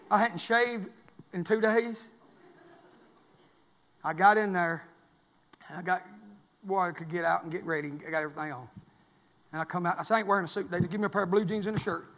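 High-voiced preacher in an echoing church. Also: male voice, fairly quick, pauses often. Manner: folksy storytelling, swings from low asides to shouted exhortation. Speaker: pastor. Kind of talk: sermon. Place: church sanctuary.

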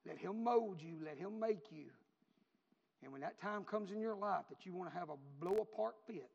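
A man preaching a sermon, repeating phrases in a rhythmic build that rises to shouts. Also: sits high, moderate pace, vocal fry. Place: church. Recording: reverberant hall, dull lo-fi.

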